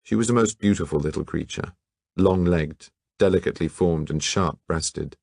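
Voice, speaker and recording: A man narrating a novel as an audiobook in measured, even storytelling. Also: deep voice, gravelly, no room sound, clean studio sound.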